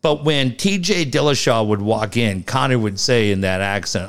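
A man co-hosting a casual sports talk podcast, animated, laughing at his own jokes and rising sharply in pitch when worked up. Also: normal speed, few pauses. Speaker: podcast co-host.

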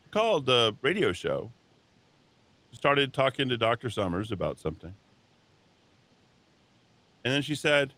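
Combative talk radio host, forceful man. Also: mid-range voice, big pitch swings, unhurried, long pauses, dry recording. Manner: combative, heated, mocks callers with put-on voices. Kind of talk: opinionated talk radio monologue.

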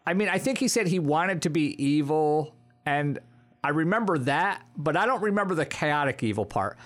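A middle-aged man on a podcast, animated as he tells stories about running a tabletop game and slips into quick character voices. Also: fairly high pitch. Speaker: podcast co-host and game master. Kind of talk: casual podcast chat.

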